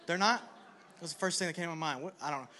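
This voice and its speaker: A man's voice: on the high side, quick pace, bright, forceful tone. A young male pastor speaking in a slightly raised register, preaching in a loose, conversational way. He mixes self-deprecating humor into a personal story, then settles into earnest reassurance for the congregation. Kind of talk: conversational sermon.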